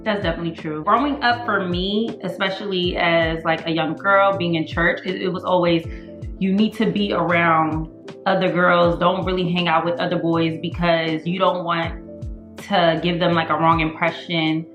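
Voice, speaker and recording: A woman's voice: lowish voice, fairly even intonation, normal speed, fairly bright tone, roomy sound, lo-fi sound, faint music behind. A woman co-hosting a casual chat, speaking in a candid, emphatic and opinionated way. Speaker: podcast co-host.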